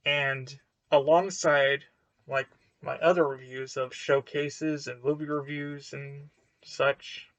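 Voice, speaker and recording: Slow, halting young man reviewing a book. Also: mid-range voice, flat delivery, fairly bright tone, no room sound. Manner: slow, hesitant, lots of fillers and restarts. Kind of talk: casual talking-head book review.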